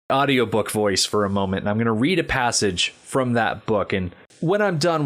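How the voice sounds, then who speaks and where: A man hosting a podcast, talking through a film scene in a measured, explanatory way. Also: mid-range voice, animated, a bit bright. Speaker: podcast host. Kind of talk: casual film discussion.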